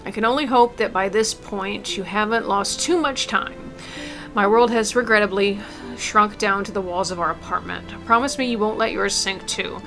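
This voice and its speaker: A woman reading aloud as an elderly mother, gentle and tender, with small stumbles. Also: medium pitch, natural voice. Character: elderly mother writing a farewell letter. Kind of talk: reading a game letter aloud.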